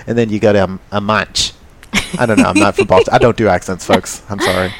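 A man's voice: fairly low pitch, steady tone, fast talker, dry recording. A man co-hosting a podcast in casual chat, rambling and joking with lots of ums. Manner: rambling, jokey, many ums. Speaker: podcast co-host.

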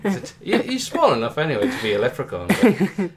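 Jokey man, animated pitch. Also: fairly quick, crowd noise. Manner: jokey storyteller, slips into silly voices. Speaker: podcast co-host. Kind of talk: casual chat.

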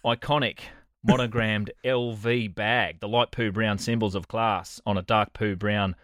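Dry sardonic Australian man, low voice. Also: steady tone, measured pace, fairly bright tone. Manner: dry, sardonic, swears casually. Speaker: podcast co-host. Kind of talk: comedic storytelling chat.

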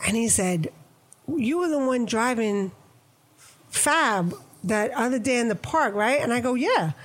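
A woman's voice: a little high, measured pace. A middle-aged woman from New York, a photographer telling stories in a casual interview and acting out the voices in them. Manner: animated, acts out quoted dialogue. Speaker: photographer guest.

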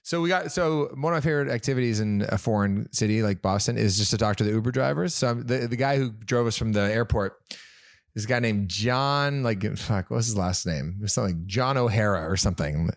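A man hosting a podcast, telling stories in a rambling, animated way during a casual chat. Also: on the low side, fairly quick, no room sound, clean studio sound. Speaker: podcast host.

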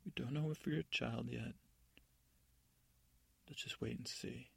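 Brief: soothing middle-aged stepmother, done by a man, husky and close. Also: mid-range voice, steady tone, unhurried, no echo, exaggerated voice. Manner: soothing, hushed.

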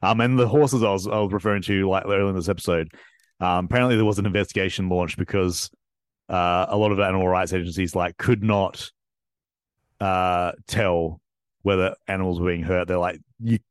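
A man's voice: low-pitched, fairly even intonation, a little fast, no echo, studio quality. A man hosting a podcast, chatting casually about a film in a rambling way with frequent laughs. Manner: rambling, laughs often, lots of fillers and likes. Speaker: podcast host. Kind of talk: casual chat.

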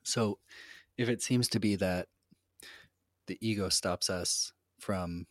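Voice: sits low, slow pace, no echo, clean studio sound. A podcast host who asks questions while thinking them through aloud. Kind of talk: podcast interview.

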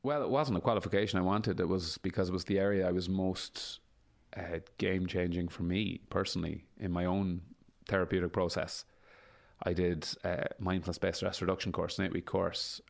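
Creaky and low-pitched, the voice belongs to a man in his forties appearing as an interview guest. The chat is relaxed, but he talks forcefully, repeats himself, and swears a lot.

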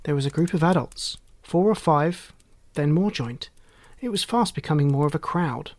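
An adult reading a children's storybook aloud with gently humorous narration. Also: mid-range voice, moderate pace.

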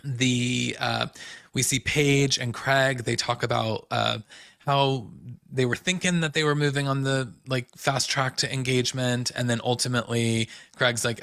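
A man's voice: medium pitch, steady tone, moderate pace, vocal fry, pushed and bright, no room sound, clean studio sound. A man hosting a casual podcast, recapping reality TV in a loose, chatty way with lots of fillers and quoted asides. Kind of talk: casual chat.

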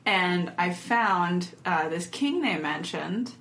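A woman's voice: on the low side, lively intonation, slow, fairly bright tone. A young woman co-hosting a casual chat podcast, telling a rambling story with lots of giggles and "like"s. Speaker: podcast co-host. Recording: echoey room with faint noise.

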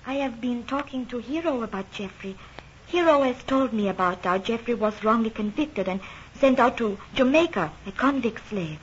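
A woman's voice: on the high side, expressive, normal speed, lightly acted. Actress as a composed, well-bred lady; old radio play, lo-fi recording, faint hiss. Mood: probing. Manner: genteel, probing, composed. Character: refined young English lady Antoinette. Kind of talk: old radio drama acting.

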